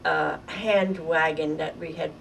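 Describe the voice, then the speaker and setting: An older woman from Germany telling a vivid, halting story from her childhood in an oral history interview. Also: sits low, steady tone, creaky. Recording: distant mic with faint noise.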